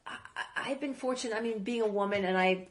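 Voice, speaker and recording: A woman guest who grew up in Iraq, telling stories in a casual interview, rambling with quick asides. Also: mid-range voice.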